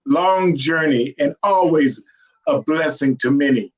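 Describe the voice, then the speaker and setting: An older man talking in a warm, rambling, praising way during a casual chat. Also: fairly high pitch, measured pace. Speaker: guest. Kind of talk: casual video-call chat. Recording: muffled lo-fi call audio.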